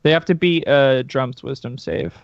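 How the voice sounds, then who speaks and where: A man's voice: medium pitch, very animated, moderate pace, muffled recording. A man playing a tabletop game, hesitantly counting out his moves with many fillers. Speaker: player. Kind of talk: casual tabletop game chat.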